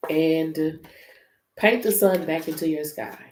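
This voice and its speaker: A woman's voice: sits low, slow pace, a little mellow. Chatty woman tarot reader, echoey room. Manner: loose and chatty, addresses viewers, swears freely. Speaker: tarot reader hosting a live stream. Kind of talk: casual live-stream reading. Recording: echoey room with faint noise.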